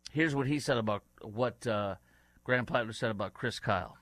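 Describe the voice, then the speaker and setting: Heated talk host, dry close mic. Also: male voice, mid-range voice, normal speed, fairly bright tone, no echo. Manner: heated, indignant, rambling with fillers. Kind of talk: opinionated political commentary. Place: studio in Dallas.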